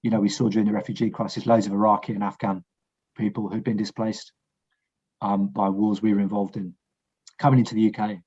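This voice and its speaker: Husky-voiced man, blunt and frank. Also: on the low side, level tone, a little fast, a little mellow, muffled recording. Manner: frank, blunt, swears, restarts sentences. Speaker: war veteran guest. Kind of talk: casual podcast conversation.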